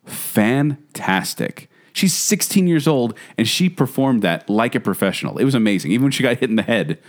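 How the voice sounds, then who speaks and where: A man's voice: mid-range voice, animated, normal speed. A man co-hosting a podcast, chatting casually about award picks and laughing often. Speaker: podcast co-host. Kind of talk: casual chat.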